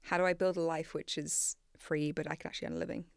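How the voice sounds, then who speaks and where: A woman's voice: low-pitched, fast, creaky, clean tone, no room sound. A woman talking casually and animatedly, often correcting herself mid-sentence, recorded in a studio. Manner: rambling, self-correcting, animated. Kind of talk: casual conversation. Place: small studio. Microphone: studio microphone.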